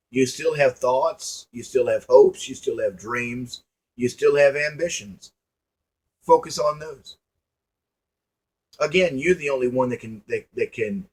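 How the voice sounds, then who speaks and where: This online commentator has a husky, darkish, medium-pitched voice. Addressing his viewers, he delivers folksy, emphatic motivational preaching, repeating lines and asking rhetorical questions.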